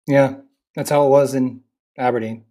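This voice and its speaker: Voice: mid-range voice, steady tone, normal speed, mellow. A podcast co-host chatting casually about a film, chiming in with quips and laughing. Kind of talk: casual movie chat.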